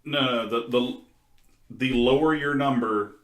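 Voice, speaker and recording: A man's voice: medium pitch, unhurried, echoey room. A man co-hosting a podcast, explaining and joking in casual chat. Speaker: podcast co-host.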